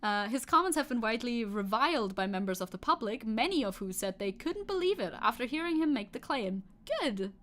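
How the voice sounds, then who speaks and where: A woman's voice: fairly high pitch, animated, fairly quick, hardly any pauses, a bit bright. A woman streaming live, chatting casually and reading news and chat messages aloud, opinionated, swearing casually and laughing often. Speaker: VTuber streamer.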